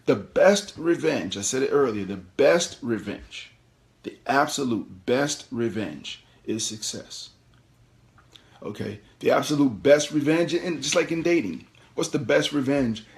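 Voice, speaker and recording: A middle-aged man hosting a call-in show, giving animated, preachy career advice and repeating his key phrases. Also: lowish voice. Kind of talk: motivational career talk.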